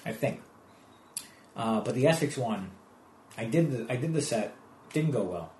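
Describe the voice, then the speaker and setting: A Canadian man, a stand-up comedian, chatting casually and telling stories with lively asides. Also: medium pitch, normal speed, roomy sound, slight background noise. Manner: animated storytelling with restarts and quoted asides. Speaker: comedian guest. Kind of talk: casual conversation.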